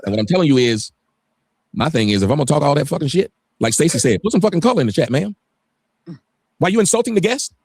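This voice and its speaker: A man with a rather high voice talks very fast on a livestream and swings his pitch up and down. He rants emphatically and swears a lot, and his voice sounds dry and close. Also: big pitch swings, darkish tone, slightly rough, dry recording. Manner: emphatic, profane ranting. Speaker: guest on a livestream. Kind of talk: heated livestream talk.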